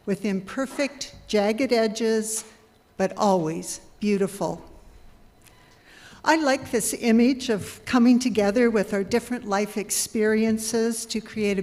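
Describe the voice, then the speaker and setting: A woman giving a measured, earnest reflection to a congregation as a lay worship leader. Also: medium pitch, darkish tone. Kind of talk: sermon reflection. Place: congregation hall. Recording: long hall reverb.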